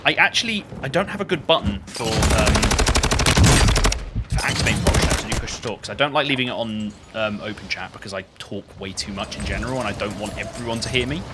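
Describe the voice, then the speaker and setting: A man's voice: on the low side, fairly quick, heavy background noise. A man live-streaming a shooter game, chatting loosely to his viewers with lots of restarts. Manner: rambling and chatty, many restarts. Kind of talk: live-stream gaming commentary.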